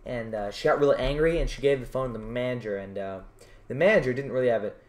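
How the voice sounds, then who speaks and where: A man's voice: mid-range voice, fast talker. A man performing a self-written stand-up routine for his channel, rambling with many restarts. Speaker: vlogger doing stand-up.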